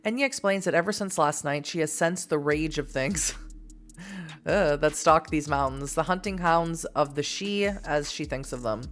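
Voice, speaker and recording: A woman's voice: deep voice, moderate pace. A woman from Massachusetts reading an interactive novel aloud as a streamer, giggly and self-deprecating in her chat asides. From Massachusetts, USA.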